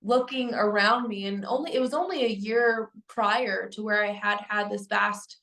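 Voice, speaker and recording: A young adult woman telling a personal spiritual story to camera in an earnest, halting way, with frequent restarts and fillers. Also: mid-range voice, gravelly, fairly bright tone. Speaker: spiritual vlogger. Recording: echoey room.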